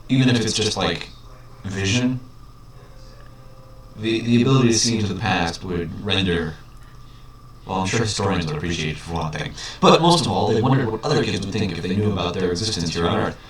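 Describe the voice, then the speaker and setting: A man reading a children's book aloud, breaking off for mocking, deadpan commentary. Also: low voice, a little fast. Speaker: reader. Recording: echoey room, distant mic, faint hiss.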